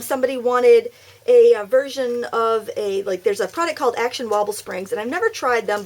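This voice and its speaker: A woman hosting a casual craft tutorial at her craft table, chatty, upbeat and self-deprecating. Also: fairly high pitch. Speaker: craft video host.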